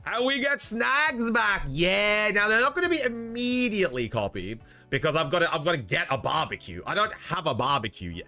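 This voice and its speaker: A man's voice: fairly high pitch, pushed and bright. A young Australian man with an Australian accent, chatting casually on a livestream, rambling and reading out chat messages. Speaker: streamer.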